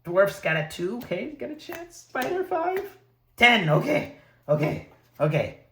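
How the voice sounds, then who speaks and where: A man narrating his own solo tabletop game, excitable and talking to the dice and characters. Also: very high-pitched, a little slow, a little hiss or hum. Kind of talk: casual solo play narration. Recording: echoey room.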